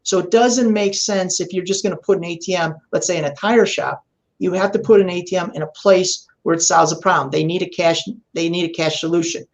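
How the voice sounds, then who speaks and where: A man as a podcast guest, explaining in a relaxed way and telling a long story in which he acts out the voices of the people he quotes. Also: high-pitched, a little fast. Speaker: guest expert.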